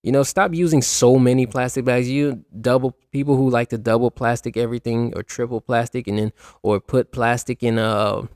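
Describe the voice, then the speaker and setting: A man's voice: mid-range voice, fairly even intonation, normal speed, darkish tone, no echo, clean studio sound. A man hosting a solo podcast, rambling in a casual way and talking straight to his listeners. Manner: rambling, restarts often, addresses listeners directly. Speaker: podcast host.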